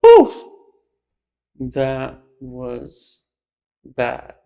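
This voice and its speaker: Young male host, unhurried delivery with a gravelly edge, breaks down ideas thoughtfully. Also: medium pitch, wildly swooping pitch, muffled recording. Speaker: host of a speech lecture series. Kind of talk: casual spoken commentary.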